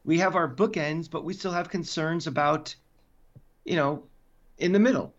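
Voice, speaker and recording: A man with a fairly high voice rants emphatically in casual sports chat, pushing each point hard. The audio is dull and lo-fi, like a modest home podcast setup. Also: moderate pace. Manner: animated, emphatic, ranting. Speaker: podcast co-host.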